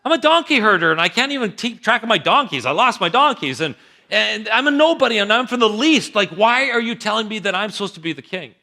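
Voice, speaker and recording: Male preacher acting out a nervous young shepherd boy, raised pitch, bright, pleading. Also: big pitch swings, fast, full character voice. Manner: pleading, self-doubting. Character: anxious humble young male donkey herder.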